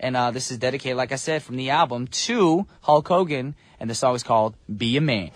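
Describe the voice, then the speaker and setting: A man's voice: mid-range voice, a little fast, few pauses, soft background music. A man with a New Jersey accent hosting a radio show in a studio, talking in a playful, slangy way. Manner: playful, slangy, laughs easily. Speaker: radio DJ host. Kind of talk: casual radio chat. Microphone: studio mic.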